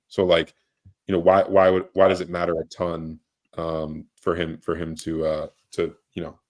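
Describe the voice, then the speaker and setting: Deep-voiced man in casual podcast chat. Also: a little mellow. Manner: halting, many restarts and fillers. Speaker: recruiting reporter, podcast co-host.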